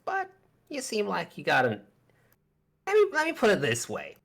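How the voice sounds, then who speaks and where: A woman's voice: huge pitch swings, normal speed, creaky, exaggerated voice. A woman voicing a brash, pushy male merchant in a tabletop game. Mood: wheedling. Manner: loud, pushy, high-pitched exclamations.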